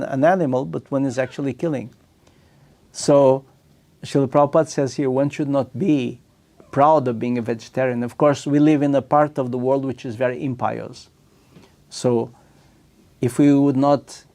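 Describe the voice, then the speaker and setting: Gravelly man teaching a scripture class. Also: mid-range voice, mellow. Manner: measured reading, then loose asides with fillers and chuckles. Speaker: temple class speaker. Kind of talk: scripture reading and commentary.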